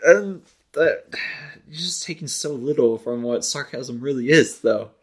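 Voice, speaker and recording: A man's voice: medium pitch, unhurried, slightly rough. A man co-hosting a podcast, chiming in with dry, teasing remarks in casual chat. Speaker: podcast co-host.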